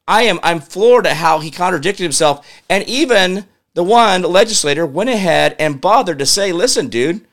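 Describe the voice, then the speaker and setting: A man's voice: a little high, a bit bright. A man hosting a political commentary show, ranting in an exasperated way and firing questions at his audience. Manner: mutters to himself while working a computer. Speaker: show host.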